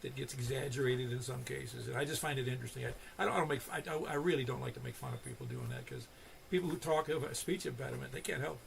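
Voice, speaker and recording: Gravelly older man running a radio net. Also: medium pitch, lively intonation, quick pace, a little hiss or hum. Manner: rambling storyteller with many restarts. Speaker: net control host. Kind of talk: casual ham radio chat.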